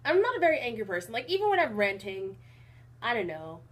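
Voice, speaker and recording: A young woman talking casually in a rambling vlog, with an even, not very emotional delivery and lots of fillers. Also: on the high side, quick pace. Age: young adult. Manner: rambling with many fillers and restarts. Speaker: college vlogger.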